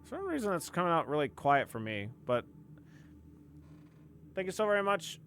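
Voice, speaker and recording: A man's voice: a little high, huge pitch swings, moderate pace, a bit bright, a little hiss or hum. A man streaming a game live, chatting casually and reading the game's text aloud. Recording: game music under the voice.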